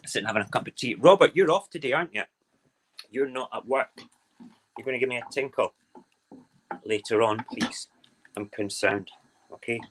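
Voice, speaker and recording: A man's voice: on the low side, slight background noise, rough recording. A Scottish man hosting a casual morning live stream from home, chatty and fond of repeating words in playful runs. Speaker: live-stream show host. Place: home, moving between kitchen and windows.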